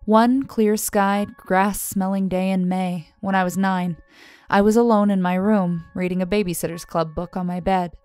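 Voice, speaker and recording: A woman reads a creepy first-person tale in a measured, even storytelling voice of middling pitch. She softens and drops low on the narration tags, with gentle music playing faintly underneath. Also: smooth, dry recording. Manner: measured, softly dropping on tags. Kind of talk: scripted horror storytelling narration. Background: soft music.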